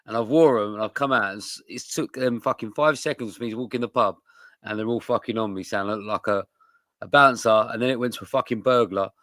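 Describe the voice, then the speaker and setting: A man's voice: lowish voice, fast talker, fairly bright tone, no echo. A middle-aged man, a regular on a casual podcast, who swears and laughs as he tells stories. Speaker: podcast co-host. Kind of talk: casual chat.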